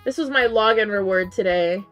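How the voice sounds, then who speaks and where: A woman plays and streams at once, chatting casually with her audience in a tired, strained voice because she keeps losing. She answers messages and repeatedly breaks into high, disbelieving exclamations. Her pace is moderate, her tone fairly bright, and music plays faintly behind.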